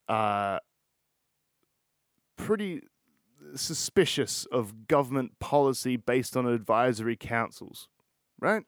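A man hosts a solo podcast and talks in a loose, rambling rant. He sounds frustrated and swears constantly. His voice sits at an ordinary pitch and is recorded dry and close. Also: no echo. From Australia. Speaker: podcast host.

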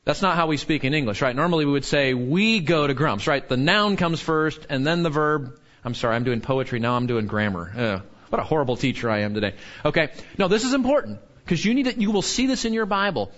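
A man's voice: fairly high pitch, lively intonation, brisk, hardly any pauses, a bit bright, dull audio. A man teaching a Bible lesson to a class in a conversational way, often asking "right?" and repeating key points for emphasis.

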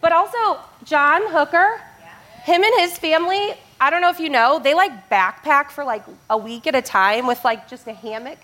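A high, bright woman speaks from a church stage. She leads a family service in a playful way, laughs often and calls out to the crowd. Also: normal speed. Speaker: children's church teacher leading family service. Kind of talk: lively family sermon talk.

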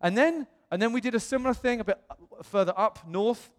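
British pastor in a reverberant hall. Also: male voice, very high voice, brisk. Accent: British English. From England. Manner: animated, acts out quoted voices. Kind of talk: storytelling sermon.

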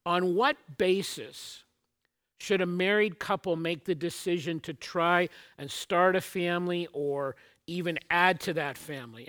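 Bright-voiced man preaching a sermon. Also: sits high. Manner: earnest, storytelling opener then teaching, occasional restarts. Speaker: pastor.

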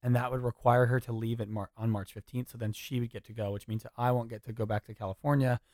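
Young guy rattling off podcast stories, quick, animated, swears a lot, dry close sound. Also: mid-range voice, no echo. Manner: animated, fast, swears freely. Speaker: podcast host. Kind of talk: casual storytelling chat.

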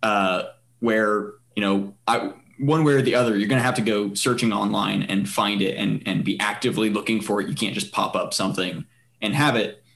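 A man's voice: on the low side, moderate pace, gravelly, a bit bright. A man hosting a casual podcast chat, rambling with many fillers and restarts. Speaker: podcast host.

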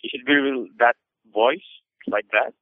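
Polite agent over a tinny phone line. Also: male voice, mid-range voice, steady tone, measured pace, no echo. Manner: polite, formal, apologetic, many sirs. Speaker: customer service agent.

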